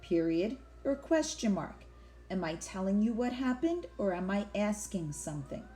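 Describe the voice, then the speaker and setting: A woman's voice: medium pitch, sing-song, moderate pace, warm tone, slight background noise. A woman teacher giving an online classroom lesson, patiently explaining and asking then answering her own questions.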